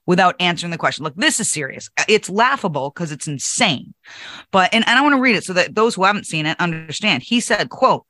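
A woman co-hosts a political talk show with a bright, forceful voice. She speaks with emphatic indignation and laughs often. The sound is dry and close. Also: lowish voice, expressive, a little fast, no room sound. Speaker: co-host.

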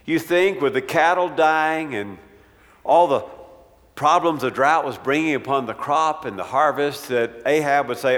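A man's voice: lively intonation, unhurried, fairly bright tone. A man preaching a sermon, telling a story with rising, dramatic swells and acting out the voices in it. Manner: dramatic, acts out quotes with swells in pitch and volume. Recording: long reverb of a large hall.

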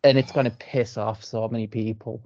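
A man co-hosting a casual wrestling chat, animated and joking, talking in quick bursts. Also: medium pitch, no room sound. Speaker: podcast co-host. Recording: dull lo-fi sound.

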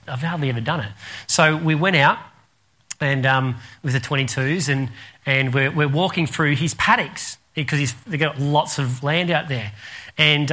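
A man with an Australian accent preaching a sermon, telling a lively story and laughing as he goes. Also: on the high side. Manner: animated storyteller, laughs through anecdotes. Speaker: pastor.

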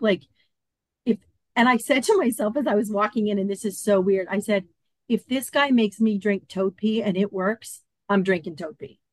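A woman's voice: mid-range voice, dry recording. A woman in her fifties, a podcast guest telling a personal story and acting out the dialogue in it. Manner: animated, acts out quoted dialogue. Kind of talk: storytelling in an interview.

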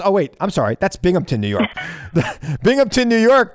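A man's voice: high-pitched, big pitch swings, moderate pace, no echo. A man in his forties hosting a talk radio show, chatting casually and telling stories with enthusiasm.

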